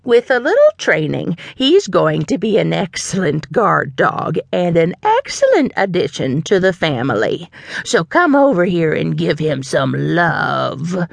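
A woman narrator puts on a doting, eccentric old grandma from an audiobook, her voice lifted high and crooning in a sing-song way. The recording is close and dry, with no room around it. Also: huge pitch swings, unhurried, creaky, dry recording, full character voice. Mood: cheerful. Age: older. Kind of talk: audiobook character voice.

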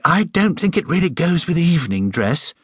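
A man doing a gentle tactful mother. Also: a little high, sing-song, moderate pace, slightly rough, dry recording, studio quality, pitched above the performer's own voice. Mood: gently amused.

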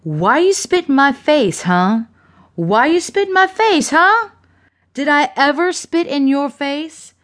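A woman's voice: mid-range voice, animated, slow. A woman voicing a ruthless, foul-mouthed woman who curses and taunts with contempt in an audiobook thriller. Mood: menacing.

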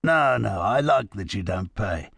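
A man's voice: on the low side, animated, a little slow, creaky, a bit bright, slightly rough, no room sound, heavily acted. A man playing a talkative middle-aged barman with a wry, confiding manner.

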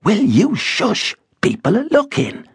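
A man voicing an exasperated middle-aged wife who fusses and hushes to keep the peace, in an audiobook. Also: medium pitch, huge pitch swings, unhurried, creaky, breathy edge, dry recording, studio quality, voice pushed up, full character voice. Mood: pleading. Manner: fussy, hushing.

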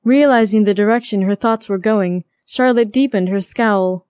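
A woman narrating a romance audiobook with steady, even storytelling. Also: mid-range voice, normal speed, clear, resonant tone, no echo. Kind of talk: scripted narration.

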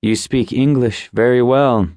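A man voicing a calm, polite agent. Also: mid-range voice, no room sound, lightly acted. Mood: firm. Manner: measured, firm, polite. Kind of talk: audiobook character voice.

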